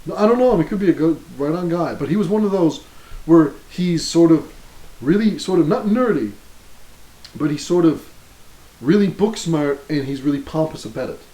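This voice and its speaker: A man with a somewhat high voice rambles through a profane story as a podcast co-host. The room around him is echoey, and his talk is loose and casual. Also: expressive, moderate pace, mellow. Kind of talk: casual chat. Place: room with friends, beer on hand.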